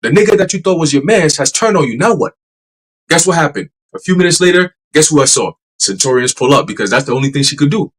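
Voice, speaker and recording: Guy preaching on a podcast, cussing a lot, kinda high voice, keeps saying man. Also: lively intonation, fast, slightly rough, low-quality recording. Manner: profane, emphatic, repetitive. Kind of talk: casual religious preaching.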